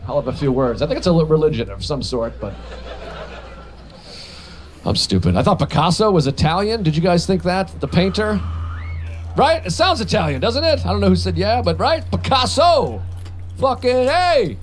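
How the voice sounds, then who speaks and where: A man performs a stand-up comedy routine in a rambling, self-mocking way, trading crude jokes for quick voiced asides. His voice sits high and swings widely in pitch as he builds each bit. A faint hiss of noise runs underneath. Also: very animated.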